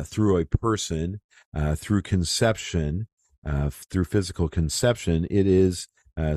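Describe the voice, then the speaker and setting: A man giving an informal, conversational Bible teaching as a pastor, with many fillers and bursts of excitement. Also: low-pitched, no room sound, studio quality.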